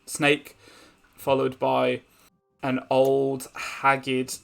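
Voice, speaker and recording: Slow gravelly game master. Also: male voice, mid-range voice, monotone. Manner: slow, hesitant with many fillers. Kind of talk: narrating a tabletop game.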